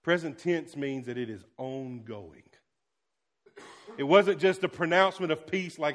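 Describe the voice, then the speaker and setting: A male pastor preaching a sermon, swinging between loud exclamations and hushed, quiet lines. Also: mid-range voice, unhurried.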